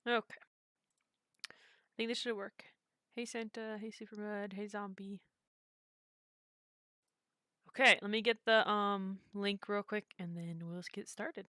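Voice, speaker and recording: A woman's voice: mid-range voice, fairly even intonation, unhurried, pauses often, bright, forceful tone, no echo. A woman hosting a live stream, chatting casually and rambling with lots of fillers. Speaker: streamer and server host.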